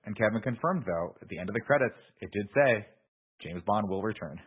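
A man's voice: on the low side, animated, fairly quick, slightly rough. A man co-hosting a podcast in casual chat, recapping at length with lots of fillers. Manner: rambling recaps with many fillers. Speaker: podcast co-host. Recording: tinny phone-like audio.

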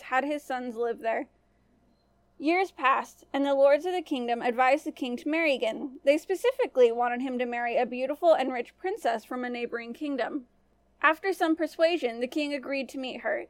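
A woman storyteller narrating a fairy tale for a family-friendly podcast in a gentle manner. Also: high voice, dry recording.

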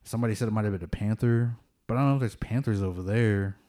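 A man speaks quickly in a fairly low, dark voice while casually telling stories of ghost sightings. He rambles with lots of fillers and laughs nervously as the stories get tense.

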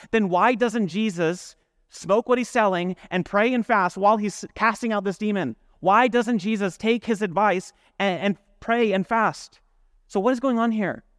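Man, pastor, sermon, conversational, rhetorical questions, fairly high voice, dry sound. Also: no room sound.

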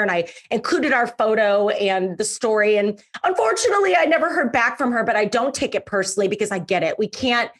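A woman podcast host telling a personal story in a casual, chatty way, stressing words by repeating them. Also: a little high. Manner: lively, emphatic, repeats words for effect; chatty, with fillers.

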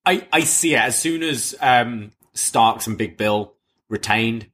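A man's voice: mid-range voice, slow pace. A British man co-hosting a wrestling podcast, chatting casually and now and then mimicking wrestlers. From Britain. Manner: mimics wrestlers in loud put-on voices. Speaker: podcast co-host. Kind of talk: casual chat.

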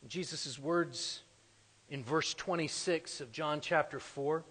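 A man preaching a sermon emphatically, swinging between loud declarations and quiet asides. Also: fairly high pitch, takes it slowly, big-room sound.

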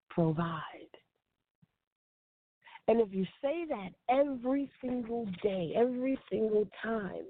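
A woman with a mid-range voice preaches a devotional sermon, her cadence earnest and repetitive. The audio is dry and tinny, like a phone line, with no echo.

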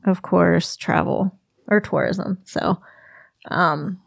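A woman's voice: fairly low pitch, steady tone, slow, creaky, no echo, studio quality. A middle-aged woman telling a travel story in casual chat, giggling often as she talks. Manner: giggly, laughs often while telling stories. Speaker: podcast co-host.

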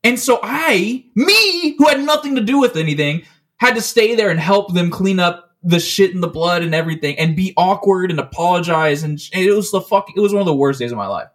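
A man with a slightly high voice chats casually on a podcast. He rambles through a long story, swearing freely and stumbling over restarts. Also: lively intonation, a little fast, a bit bright. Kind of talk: casual chat.

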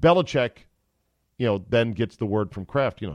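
A man hosting a sports podcast, delivering an animated, opinionated, sometimes profane monologue. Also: mid-range voice, normal speed, dry recording. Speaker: podcast host.

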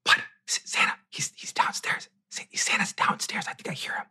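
A man whispering as an excited mother at night. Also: normal speed. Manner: breathless urgent whisper. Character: excited mother whispering to her sleepy child.

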